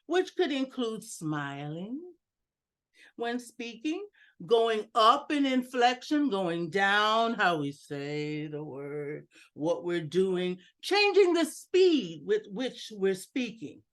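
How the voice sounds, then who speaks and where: A woman giving an instructional talk over a video call, deliberate and emphatic, joking about her own lack of technical skill. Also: expressive. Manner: deliberate, varies pitch and loudness for emphasis. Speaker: educational speaker at a club meeting. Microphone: video call computer mic.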